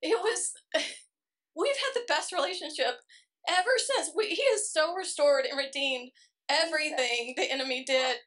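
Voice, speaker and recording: A woman with a high-sitting, slightly bright voice gives a heartfelt testimony at a church service, moving through her story quickly and with emotion in front of the congregation.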